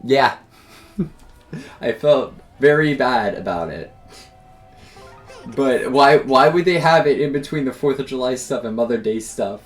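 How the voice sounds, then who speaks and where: A man's voice: medium pitch, expressive, unhurried, long pauses, soft background music. A young man streaming games and telling a story in a rambling, filler-heavy, self-deprecating way. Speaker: game streamer. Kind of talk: casual storytelling while streaming.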